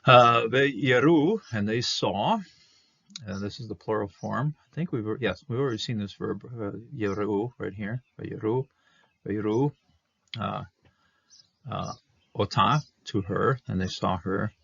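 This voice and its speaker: A man explaining a Hebrew Bible manuscript, halting with many fillers and restarts as he reads words slowly. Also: lowish voice, sharp tone, no echo. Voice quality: gravelly and husky. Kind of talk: unscripted explanatory study talk. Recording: dull lo-fi dry recording.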